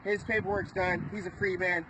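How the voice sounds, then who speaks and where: A man's voice: high voice, level tone, normal speed, noisy background. A man vlogging, agitated and rambling as he retells events to the camera, swearing often. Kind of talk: casual storytelling to camera.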